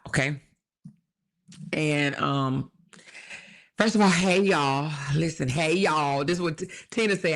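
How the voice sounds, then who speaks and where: A woman's voice: low voice, a bit bright. Emphatic woman hosting a casual livestream. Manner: emphatic, repetitive, laughs often, slows down to stress points. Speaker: livestream commentary host.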